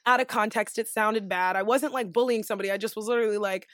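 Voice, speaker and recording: A young adult woman co-hosting a podcast, telling a story in a candid, animated way and swearing freely. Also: mid-range voice, quick pace, dry recording, clean studio sound. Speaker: podcast co-host. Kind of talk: casual chat, storytelling.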